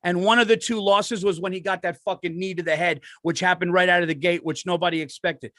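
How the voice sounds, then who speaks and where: A middle-aged man, a comedian co-hosting a podcast, telling stories in an excitable, profane way and laughing as he talks. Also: high-pitched, fast, no echo, studio quality. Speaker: stand-up comedian and podcast co-host. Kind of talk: casual podcast chat.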